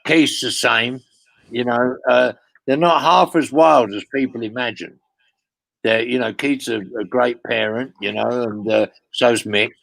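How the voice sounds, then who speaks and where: Gravelly older man telling rambling stories. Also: mid-range voice, fairly even intonation, a little slow, fairly bright tone, dry recording, low-quality recording. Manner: swearing, rambling, with frequent "you know what I mean". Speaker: guest storyteller. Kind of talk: casual anecdotal interview.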